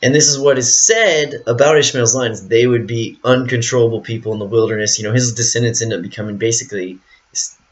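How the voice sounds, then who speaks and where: Speaking fast with fairly even intonation, this mid-range male voice belongs to a Bible study teacher who reads scripture and then unpacks it loosely, full of fillers. The recording is dull and lo-fi.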